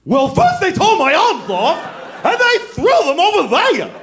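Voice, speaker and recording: A comedian doing a shrill, whiny voice of an overacting male scarecrow actor on stage, in a large venue. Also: wildly swooping pitch, a little slow, fairly bright tone, heavily acted. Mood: shrill wailing. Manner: shrill, theatrical whining. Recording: roomy live hall with crowd noise.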